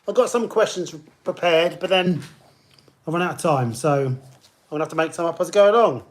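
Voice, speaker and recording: A man's voice: a little high, a little fast. A man hosting a live online pub quiz, chatting and greeting players by name as he reads questions. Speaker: quiz host.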